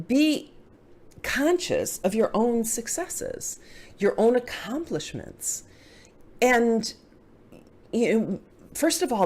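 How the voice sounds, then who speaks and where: A middle-aged woman hosting a live video chat, answering viewer comments as she talks. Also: fairly low pitch. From Dallas area, US. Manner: animated, reading viewer comments aloud. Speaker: host.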